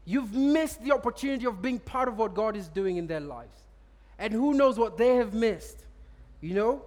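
A man preaching a sermon and telling personal stories. He chuckles often and repeats words as he tells them. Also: extremely high pitch. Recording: long reverb of a large hall.

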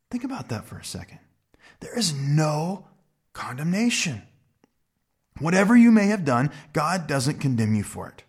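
A man preaching a sermon in an earnest, emphatic way, slowing down to stress key words. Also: mid-range voice. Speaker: pastor.

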